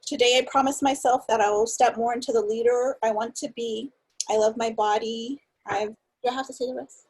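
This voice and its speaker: A woman's voice: fairly high pitch, steady tone, brisk, a little mellow, breathy edge, rough recording. A woman on a video call, reading her affirmation aloud in a playful, joking way. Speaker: workshop participant.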